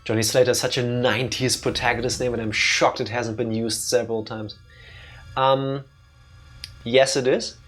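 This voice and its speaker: A man's voice: medium pitch, flat delivery, normal speed, fairly bright tone, faint music behind. A young man streaming a let's play, joking wryly and rambling with frequent restarts. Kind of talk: casual gameplay commentary.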